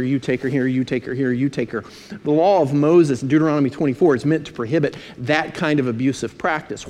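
A man preaching a sermon, emphatic, slowing to stress key phrases and dropping in dry asides. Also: a little high, a little mellow. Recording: long hall reverb.

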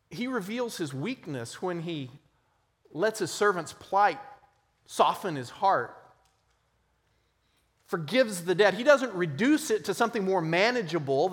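A man preaching a sermon, emphatic, swinging between loud stressed phrases and quiet, low passages. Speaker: pastor. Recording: long hall reverb.

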